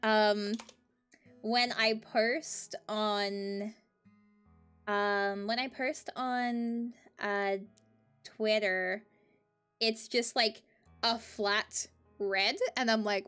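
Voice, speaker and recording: A woman with an Australian accent chatting casually on a livestream, giggly and excitable, swearing freely. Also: medium pitch, drawn-out words, long pauses, clean tone, faint music behind. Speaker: streamer.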